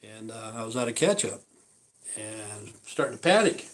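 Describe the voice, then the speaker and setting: A man chatting on a home live stream, rambling from one thought to the next. His talk is loose and full of "you know" and "uh" as he eats. His voice sits at an ordinary middle pitch. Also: lively intonation, unhurried, poor audio. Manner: rambling, with many fillers and asides. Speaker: vlogger.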